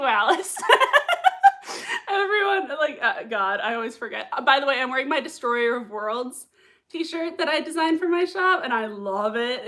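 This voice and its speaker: Here a high-pitched, slightly bright female voice belongs to a young streamer hosting a casual broadcast. She reacts to a TV episode in a bubbly, giggly way, reading viewers' comments aloud, recorded on a desk mic with earbuds.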